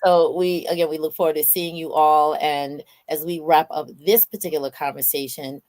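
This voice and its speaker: Low-voiced woman hosting a chat. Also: moderate pace. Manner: lively, playful storytelling. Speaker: host. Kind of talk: casual chat.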